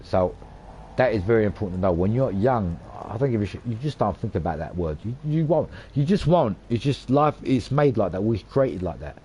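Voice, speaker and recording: A man's voice: fairly low pitch, expressive, fairly quick, warm tone, a little hiss or hum. A man, rambling and ranting over his own gameplay, swearing a lot and repeating himself for emphasis. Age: 40s. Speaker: gaming channel host.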